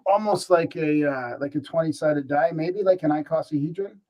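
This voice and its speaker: A man chatting on a podcast, his voice a touch higher than most men's. He tells a story in a loose, rambling way, restarting often and getting animated as he goes. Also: moderate pace, muffled recording. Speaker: podcast co-host. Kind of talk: casual podcast chat.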